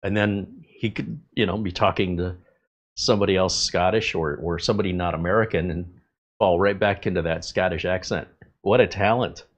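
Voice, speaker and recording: A man hosting a live tech channel stream, greeting viewers in a relaxed, chatty way with many filler pauses. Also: sits low, dull audio.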